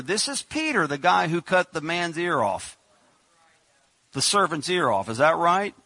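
A man's voice: high voice, fairly bright tone, no echo. A man preaching a sermon in a conversational way, acting out the people in the story as he goes. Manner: conversational preaching, acts out biblical characters.

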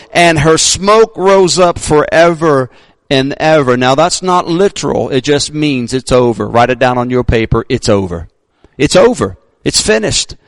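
A male pastor preaching a sermon, emphatic, sometimes shouting his readings, joking about himself. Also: a little high, no echo.

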